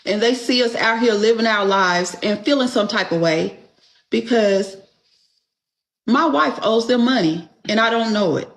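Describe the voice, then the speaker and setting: A woman speaks unhurriedly in a slightly high voice, telling a personal story in casual, profane talk. She sounds indignant, acts out the people in her story, and keeps checking in with a rhetorical "Okay?". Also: measured pace, rough recording. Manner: acts out quoted dialogue.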